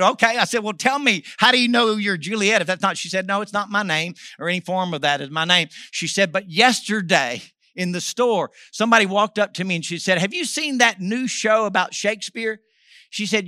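Animated preaching man, bright high voice. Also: dry recording, clean studio sound. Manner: animated, swings from loud exhortation to hushed asides. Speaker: pastor. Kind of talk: sermon storytelling.

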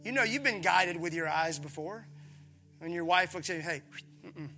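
A pastor from preaching a sermon, animated, acting out voices and calling on his listeners. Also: high voice, moderate pace, soft background music. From Mississippi, USA. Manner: animated, acts out voices, calls on the congregation.

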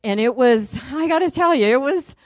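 A middle-aged woman preaching a sermon and telling a testimony, talking casually and then rising loud and high as the story peaks. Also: animated, moderate pace, no echo, clean studio sound.

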